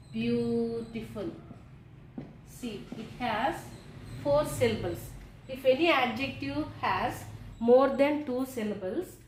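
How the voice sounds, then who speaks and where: A woman's voice: on the high side, slight background noise. A woman teacher giving a grammar lesson, repeating each word form and spelling letters aloud. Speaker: English teacher. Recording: echoey room.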